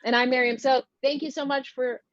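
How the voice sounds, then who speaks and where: A woman's voice: sits high, flat delivery, a little fast, no echo, highs cut off. A woman performing a stand-up comedy set over a video call, telling wry stories with lots of fillers. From United States. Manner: wry, conversational storytelling with many fillers.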